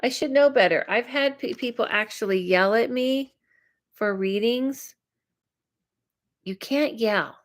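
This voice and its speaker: A woman's voice: fairly high pitch, measured pace, pauses often. A woman psychic host giving live readings, chatty and reacting to viewer comments aloud. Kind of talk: live-stream reading chat.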